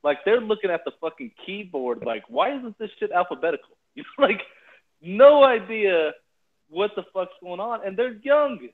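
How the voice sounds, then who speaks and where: A man's voice: sits high, big pitch swings, measured pace. A man co-hosting a podcast, chatting in casual, profane banter. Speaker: podcast co-host. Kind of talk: casual chat. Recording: tinny phone-like line.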